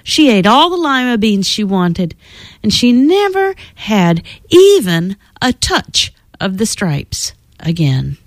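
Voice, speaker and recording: A woman reading a children's storybook aloud in an expressive, lilting storytelling manner. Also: medium pitch, takes it slowly, no echo.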